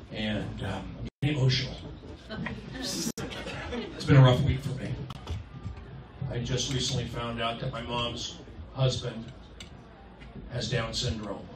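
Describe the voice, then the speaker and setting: A man doing a live stand-up set, riffing with the crowd and swinging between loud and soft. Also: mid-range voice, fairly even intonation, takes it slowly, pauses often. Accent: Californian. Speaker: stand-up comedian. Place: comedy club stage. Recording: roomy, distant live club recording. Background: loud crowd laughter and noise.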